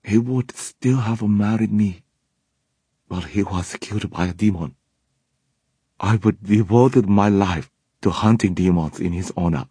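A man voicing a young woman warlock, a driven demon hunter, in a brisk, earnest way. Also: lowish voice, warm tone, slightly rough, dry recording, clean studio sound, pitched above the performer's own voice.

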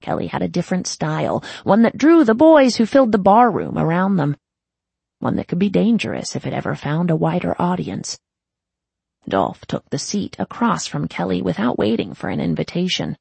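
An audiobook narrator reads a period crime story with a lively, swinging delivery. The voice is gravelly and a little husky, recorded close and dry. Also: mid-range voice, moderate pace, no room sound. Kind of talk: scripted narration.

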